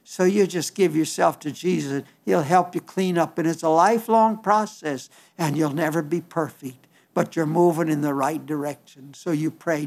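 An older man preaches in a high-pitched voice, earnest and homespun. He repeats himself and restarts phrases as he speaks straight to his listeners. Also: moderate pace, darkish tone. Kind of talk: sermon.

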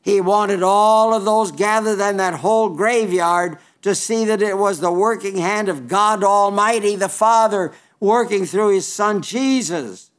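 A man preaching a sermon, emphatic and folksy, quoting scripture in King James wording and dropping into low, wry asides. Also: measured pace, hardly any pauses.

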